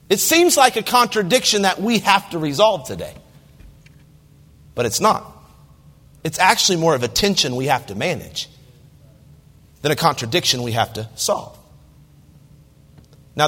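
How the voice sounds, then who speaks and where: A pastor delivers a sermon in a high-pitched male voice, moving between scripture reading and casual asides to the congregation. The reverb trails on long after each phrase, as in a large church hall. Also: big pitch swings, moderate pace, a bit bright. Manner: conversational, asks the listeners direct questions; reads scripture aloud in King James wording.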